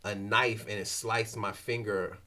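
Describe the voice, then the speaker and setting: A man with a Haitian family background, chatting casually as a guest and telling stories with lively acted-out dialogue. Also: a little slow. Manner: animated storyteller, acts out exchanges with lively shifts in pitch. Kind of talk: casual chat.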